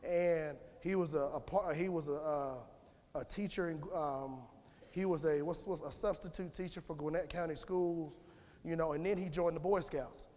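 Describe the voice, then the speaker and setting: A man's voice: a little high, normal speed, darkish tone. Man preaching casually in a reverberant church. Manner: conversational and rambling, with restarts, asks the congregation for amens. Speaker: lay speaker giving a church message. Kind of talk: informal sermon. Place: church sanctuary. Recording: long church hall reverb.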